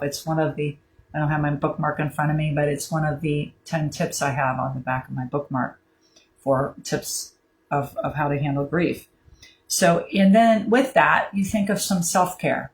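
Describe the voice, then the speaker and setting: A woman speaking to viewers about handling grief, in a gentle, rambling way with fillers and restarts. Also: low voice, rough recording. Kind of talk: casual spoken advice to camera.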